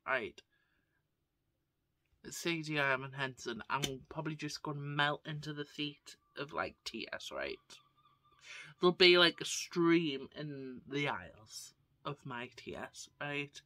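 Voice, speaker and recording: Bright, slow-talking woman gushing to camera. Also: sits low, dry recording. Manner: gushing, keeps asking "right?". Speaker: vlogger. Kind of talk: casual chat to camera.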